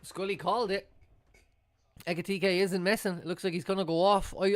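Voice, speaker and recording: Young male streamer, live watchalong commentary, voice sits a touch high, dry room, excitable with sudden shouts and swearing. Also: fairly quick, no echo. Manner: excitable, swears, jumps to loud outbursts. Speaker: fan streamer.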